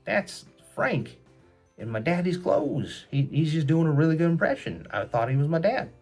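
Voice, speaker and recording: Brief: man voicing a young girl for a kids' storybook, childlike and pleading, breathy. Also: fairly high pitch, very animated, moderate pace, a little mellow, soft background music, pitched above the performer's own voice, heavily acted. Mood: alarmed. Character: young girl, scolding then scared.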